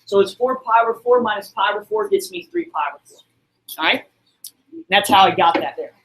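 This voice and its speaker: A man's voice: high voice, big pitch swings, a little fast, a bit bright, a little hiss or hum. A man teaching a math class in a classroom, upbeat and encouraging as he quizzes his students. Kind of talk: classroom lesson streamed online.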